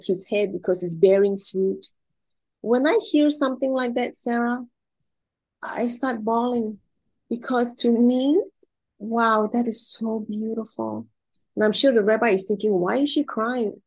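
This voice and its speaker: A woman's voice: medium pitch, darkish tone, slightly rough, rough recording. A middle-aged woman being interviewed, telling heartfelt personal stories in an emotional, effusive way and repeating words when she is moved.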